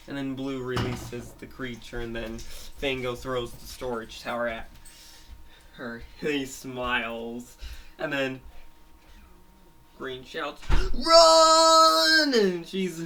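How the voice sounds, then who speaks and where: Brief: slow, bright-voiced man rambling through a story retelling. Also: mid-range voice, flat delivery, a little hiss or hum. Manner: many restarts and fillers, hesitant.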